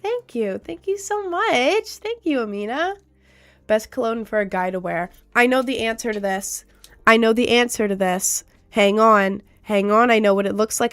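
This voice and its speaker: A woman's voice: on the high side, a bit bright. A woman streaming live and chatting casually as she reads viewer comments aloud. She is congested after a cold, so her voice sounds nasal, and she fills her talk with "um" and "like.". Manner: chatty, with many fillers like "um" and "like". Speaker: livestreamer and musician.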